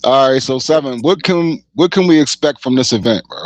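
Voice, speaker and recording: A man hosting a casual podcast, dropping quick hype interjections and prompting his guests. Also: a little high, no room sound, low-quality recording. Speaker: podcast host.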